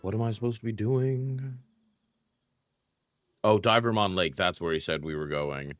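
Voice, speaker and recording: Deep-voiced guy gabbing with chat while gaming, jokey and self-deprecating, light music underneath. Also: normal speed. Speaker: streamer playing a retro game. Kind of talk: casual game-stream chat with viewers. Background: faint game music.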